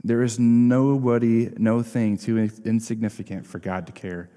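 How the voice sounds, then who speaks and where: A man's voice: medium pitch, steady tone, normal speed, warm tone, smooth. A man preaching a sermon as a pastor in a conversational way, often checking in with his listeners by asking "right?". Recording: long hall reverb.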